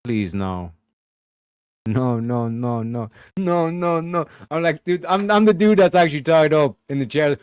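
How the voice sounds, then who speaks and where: A man hosting a show, giving a blunt, profane and animated commentary rant. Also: a little high, unhurried, pauses often, clean tone, no echo, studio quality. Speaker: show host.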